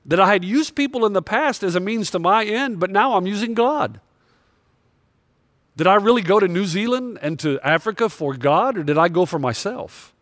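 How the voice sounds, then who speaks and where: A man's voice: high-pitched, fairly bright tone, no echo, clean studio sound. A male pastor preaching a sermon with impassioned, confessional storytelling.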